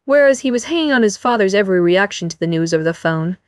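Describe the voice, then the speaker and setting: A woman narrating a novel as an audiobook in an even storytelling manner. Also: medium pitch, fast talker, dry recording, clean studio sound.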